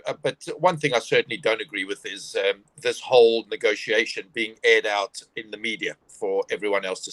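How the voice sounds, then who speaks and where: A man as a guest in a casual interview chat, speaking in a measured, thoughtful way with dry humor. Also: mid-range voice, a bit bright, dry recording, low-quality recording.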